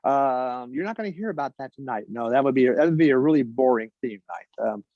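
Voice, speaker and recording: A man telling a wry personal story on stage, halting and full of restarts. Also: mid-range voice, animated, dry recording, lo-fi sound.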